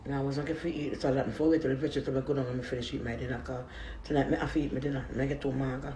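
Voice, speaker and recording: A man's voice: medium pitch, fairly even intonation, rapid-fire, dark tone, slight background noise. Chatty man talking while eating. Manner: chatty and rambling, talks with his mouth full between bites. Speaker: food vlogger. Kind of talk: casual eating vlog talk. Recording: echoey room.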